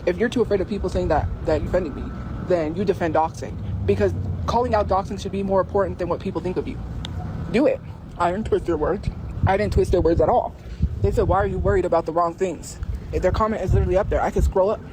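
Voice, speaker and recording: A woman's voice: on the low side, fast talker, background noise. A woman arguing insistently on a livestream, repeating her point again and again. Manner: insistent, repetitive, confrontational. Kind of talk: heated livestream argument.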